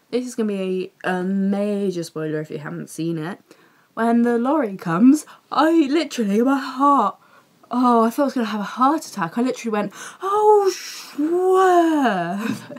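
Gushing young woman vlogging. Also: on the low side. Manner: gushing, excitable, chatty with many fillers. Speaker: vlogger reviewing a TV episode. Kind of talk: casual chat to camera.

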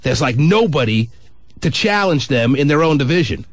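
A middle-aged man hosting a call-in radio show, teasing callers with quick, wry banter. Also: on the high side, animated, no echo. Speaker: radio talk show host. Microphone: studio microphone.

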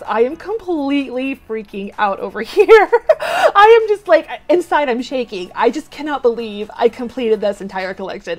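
A woman hosting a toy unboxing vlog, gushing, gasping and exclaiming often as she opens each piece. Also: high voice. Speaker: toy unboxing channel host.

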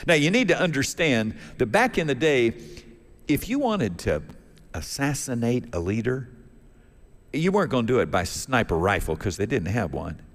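A man's voice: medium pitch, very animated, moderate pace. A male pastor preaching a sermon in a folksy storytelling manner, acting out the characters as he goes. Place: church sanctuary. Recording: long church reverb.

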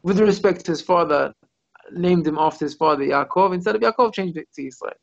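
Man, rabbi, Torah class over video call, gravelly creaky voice, muffled call audio, searches for English words. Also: high-pitched, fairly quick.

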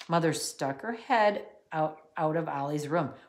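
A woman's voice: sits low, expressive, unhurried. A woman teacher cheerfully and expressively reading a children's book aloud to her class.

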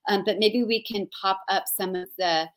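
A woman's voice: medium pitch, normal speed. A woman hosting an interview over a video call, playful, chatty and self-mocking. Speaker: host. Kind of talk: interview, casual chat.

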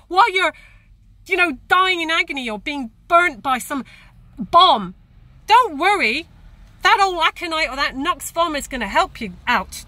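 Indignant woman with a high, lively voice. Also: dry recording. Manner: indignant, emphatic, repeats "okay?". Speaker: campaigner. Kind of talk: angry direct-to-camera rant. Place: Ireland.

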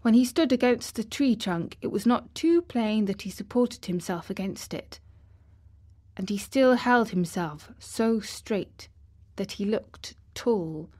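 A woman reading a classic children's novel as audiobook narration, measured and steady. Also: mid-range voice. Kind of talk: scripted narration.

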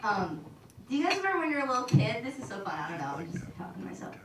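A young woman doing a stand-up comedy set on a club stage, talking in an awkward, deadpan, self-deprecating way. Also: fairly high pitch, racing. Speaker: stand-up comic. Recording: echoey room from far off, noisy.

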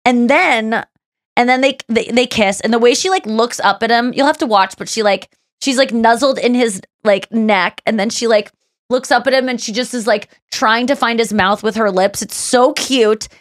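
Chatty woman podcast host, high voice. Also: moderate pace, dry recording, studio quality. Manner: gushing, chatty, many fillers and restarts. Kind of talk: casual chat.

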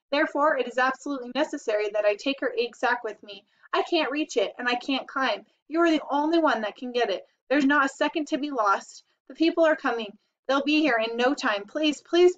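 A woman's voice: fairly high pitch, fairly bright tone, natural voice. A woman voicing an anxious, earnest young male pig in a read-aloud storybook. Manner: pleading, emotional outbursts. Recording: dull lo-fi recording.

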